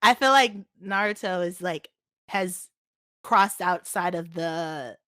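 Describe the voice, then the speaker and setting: A young woman co-hosting a casual chat, animated and laughing often. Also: lowish voice, slow pace, clean tone, no echo, studio quality. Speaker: podcast co-host.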